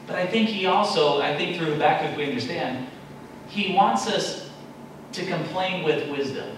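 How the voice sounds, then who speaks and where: Preaching at a moderate pace, a man with a higher voice dramatizes prayers in a raised, pleading way during a sermon in his church sanctuary. The mic is set back in the echoey hall and picks up a little hiss or hum.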